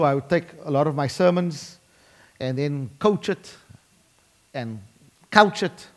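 A man preaching a sermon, emphatic and slowing down dramatically to drive points home. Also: mid-range voice, a little mellow. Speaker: pastor.

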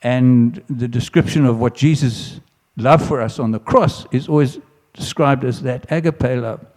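A man preaching with a mellow, warm tone and an earnest delivery. He often restarts his phrases and rises for emphatic lines. His voice carries a long hall reverb. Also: medium pitch, measured pace. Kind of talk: sermon.

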